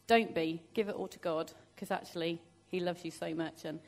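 A woman's voice: lowish voice, steady tone. Encouraging woman. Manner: gentle, reads lyrics slowly, then speaks encouragingly. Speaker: church member sharing a reflection. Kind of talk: spontaneous reflection in a group.

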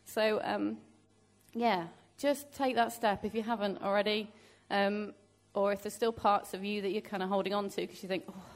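A woman sharing a gentle, encouraging reflection in a church group. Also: mid-range voice, fairly even intonation. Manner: gentle, reads lyrics slowly, then speaks encouragingly.

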